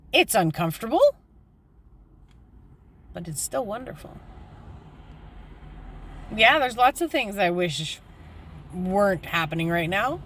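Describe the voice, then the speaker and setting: A woman giving a casual, candid motivational talk as a spiritual vlogger, plainspoken and slowing down to stress her points. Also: mid-range voice, a bit bright, a little hiss or hum.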